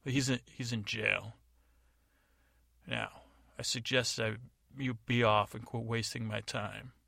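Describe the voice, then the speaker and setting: A man's voice: mid-range voice, steady tone, slow pace, gravelly, sharp tone, dry recording, studio quality, full character voice. A man voicing a pompous, brusque new captain of the guard, near his own voice. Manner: brusque, dismissive.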